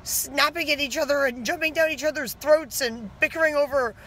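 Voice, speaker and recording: Brisk, bright and forceful, her high-pitched voice carries this casual outdoor vlog by her house. The woman chatters through the events of her day, clearly exasperated and saying "like" over and over.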